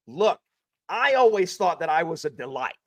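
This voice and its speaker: A man who is a teacher, chatting energetically as a podcast guest, joking and animated. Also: a little high, moderate pace, no echo. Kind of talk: casual podcast chat.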